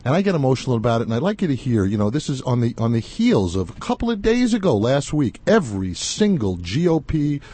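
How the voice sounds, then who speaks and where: A male talk host makes his case with emphatic indignation. His voice has a warm, mellow tone, and he speaks at an ordinary pitch. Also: big pitch swings, fast talker, few pauses, husky. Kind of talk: opinionated commentary.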